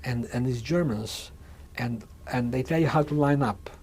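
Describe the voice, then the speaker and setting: Halting older man with a mellow voice. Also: mid-range voice, a little hiss or hum. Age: 60s. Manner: halting, with frequent restarts and repeated words. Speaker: interviewee. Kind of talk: oral history testimony. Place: museum interview room.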